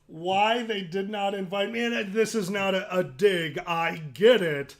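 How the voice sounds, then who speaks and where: A man's voice: high voice, unhurried. A man with a Chicago accent chatting casually as a guest, playful and self-mocking. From Chicago, USA. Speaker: co-host guest. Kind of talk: casual chat on a drinking show.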